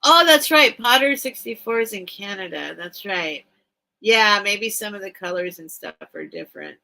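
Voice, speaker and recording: A woman's voice: medium pitch, very animated, moderate pace, pushed and bright, low-quality recording. A middle-aged woman hosting a late-night live sale stream, chatting casually and emotionally as she reacts to viewer comments.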